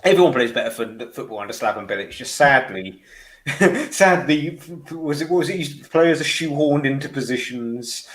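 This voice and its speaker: Wry, joking man at mid pitch. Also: animated, normal speed, fairly bright tone. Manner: wry, joking, restarts a lot. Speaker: co-host of a fan channel watchalong. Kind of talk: casual live match chat.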